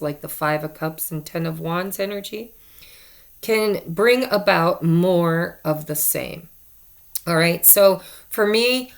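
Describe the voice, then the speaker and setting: A woman's voice: lowish voice, creaky. A woman giving a casual tarot card reading to her viewers, chatty and repeating herself for emphasis. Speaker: tarot reader.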